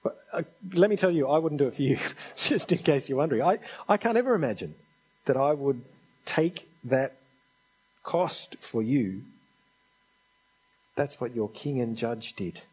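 A man's voice: medium pitch, darkish tone, breathy edge, low-quality recording. A man preaching a sermon in an earnest, conversational and pleading manner.

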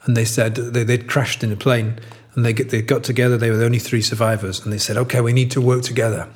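A man's voice: mid-range voice, little pitch movement, quick pace. A man co-hosting a podcast in casual chat, joking and rambling. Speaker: podcast co-host.

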